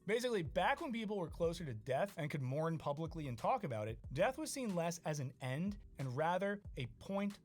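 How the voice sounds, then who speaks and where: A man's voice: a little high, sing-song, brisk, hardly any pauses, faint music behind. A man narrating a scripted video essay, with dry, wry asides.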